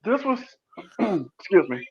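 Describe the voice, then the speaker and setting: A man joining as a guest commentator, telling stories in a halting, rambling way. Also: high voice, big pitch swings. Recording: dull lo-fi sound.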